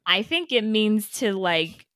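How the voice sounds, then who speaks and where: A woman co-hosting a podcast, trading teasing jabs and bickering in loose, casual talk. Her voice sits at an ordinary pitch. The sound is dry and close. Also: big pitch swings, slow pace, fairly bright tone, dry recording. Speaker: podcast co-host.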